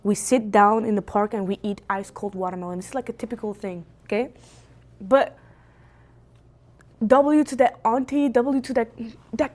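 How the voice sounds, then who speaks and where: A young woman from Belgium streaming from home on a phone, telling a family story in a lively, animated way. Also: on the high side, normal speed. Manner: animated, lively storyteller with big jumps for quoted voices. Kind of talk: casual livestream storytelling. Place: indoors at home. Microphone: phone on a gimbal.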